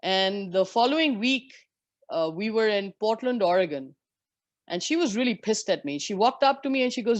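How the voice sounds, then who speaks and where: A woman in her forties from India talks as an interview guest. She tells frank, lively stories and swears now and then. Her voice sits at a middle pitch, and the sound is dry and close. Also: normal speed, dry recording, muffled recording. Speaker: interview guest, former professional golfer. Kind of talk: storytelling in a conversation.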